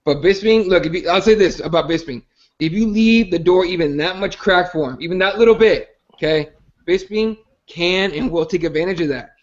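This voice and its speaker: A man's voice: high voice, brisk, lo-fi sound. A man hosting a casual podcast about fighting. He rambles and swears, stumbling over restarts. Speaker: podcast host. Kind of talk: casual MMA chat.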